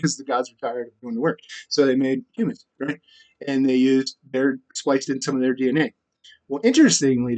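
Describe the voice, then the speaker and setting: A man talking straight to camera in a rambling, profane monologue that keeps jumping to louder, higher bursts. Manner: rambling, profane, with sudden loud rises. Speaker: vlogger.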